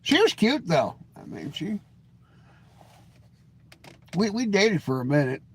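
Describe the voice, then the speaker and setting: Folksy grumpy man with a lively voice. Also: slow, husky. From Washington state. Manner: folksy, self-described grumpy, joking; lively pitch swings, mimics voices in anecdotes. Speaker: live stream host. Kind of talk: casual rambling live stream chat.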